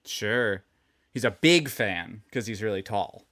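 A man co-hosting a podcast, chatting casually with deadpan jokes. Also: fairly low pitch, slow. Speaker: podcast co-host. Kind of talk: casual comedic chat.

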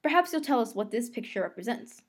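A stern, demanding male schoolteacher with a formal, measured delivery, as a woman reading aloud puts him on. The voice sits a little high and speaks with careful, precise authority, as in a storybook read-aloud. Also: very animated, husky. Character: stern, exacting middle-aged male teacher.

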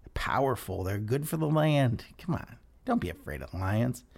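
A man voicing a young man who calmly coaxes a friend not to be afraid. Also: medium pitch, moderate pace, gravelly. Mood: coaxing. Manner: soothing, coaxing. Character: young men coaxing a friend, calm.

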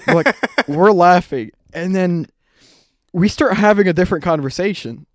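A man's voice: high-pitched, moderate pace, no room sound, clean studio sound. A young man co-hosting a podcast who tells a story in a casual, rambling way. He acts out the quotes and laughs often. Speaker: podcast co-host.

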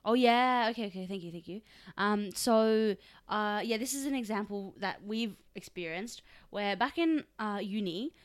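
A woman's voice: medium pitch, normal speed. A young woman co-hosting a podcast, chatting casually and animatedly, laughing often. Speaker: podcast co-host. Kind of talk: casual chat.

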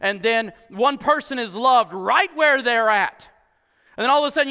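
Animated pastor preaching in a reverberant hall. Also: male voice, very high voice, moderate pace, clear, resonant tone. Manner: animated, acts out voices, laughs often. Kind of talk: sermon.

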